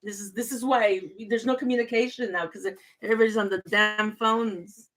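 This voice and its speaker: A bright, sharp-toned woman in her forties hosts a casual live stream. She teases and scolds her husband playfully and laughs often. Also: a little high, fairly even intonation, a little fast, faint music behind, low-quality recording. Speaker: host interviewing her husband. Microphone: phone or computer mic for a live stream.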